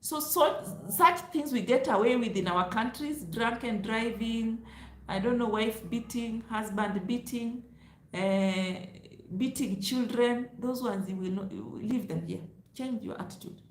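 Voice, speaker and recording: Loud, emphatic woman vlogging. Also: a little high, measured pace, echoey room. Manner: loud, emphatic, lecturing with laughs. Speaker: travel vlogger. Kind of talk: direct-to-camera advice vlog.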